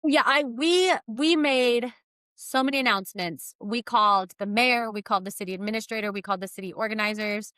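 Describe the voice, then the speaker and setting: A woman's voice: a little high, a little fast, no room sound. A woman in her thirties, a podcast guest who founded a business program for kids, telling stories with animation and acting out what people said. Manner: animated storytelling, acting out her own quotes. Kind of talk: podcast conversation.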